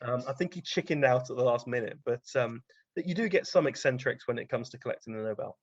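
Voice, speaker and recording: A man's voice: mid-range voice, quick pace, no echo. Guy guest on a podcast, rambly anecdotes, lots of ums, dry kinda muffled audio. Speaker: guest science writer. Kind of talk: casual interview storytelling.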